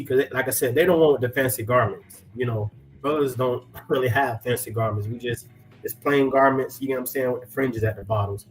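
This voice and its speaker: A man hosting a reaction commentary, indignant and preachy, mixing loose slang with chuckling asides and scripture readings. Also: mid-range voice. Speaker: commentary channel host.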